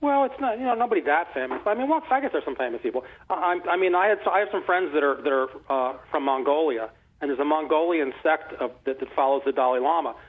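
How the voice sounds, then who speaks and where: An older man in his sixties talks quickly and eagerly, his fairly high voice coming through a thin, phone-like line. He rambles through his stories with many restarts and self-corrections. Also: expressive. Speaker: author and interview guest. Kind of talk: casual conversational storytelling.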